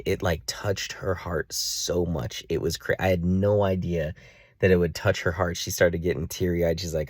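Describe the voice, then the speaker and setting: A man telling a long personal story in a casual vlog, rambling with many fillers and jumping into a high, excited voice when he acts out his own reactions. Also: fairly quick, no room sound, studio quality. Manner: jumps to a high excited pitch when reenacting himself. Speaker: vlogger.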